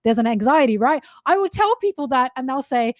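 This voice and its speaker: Animated, laughing woman fan. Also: sits high, brisk, no room sound, clean studio sound. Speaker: podcast co-host. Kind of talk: casual fan chat.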